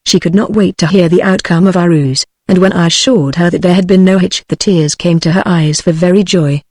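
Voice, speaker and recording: A text-to-speech voice of a British woman reading a novel aloud in first person, with a steady machine cadence. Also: on the low side, brisk, no room sound. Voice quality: synthetic, even machine cadence. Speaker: audiobook narrator.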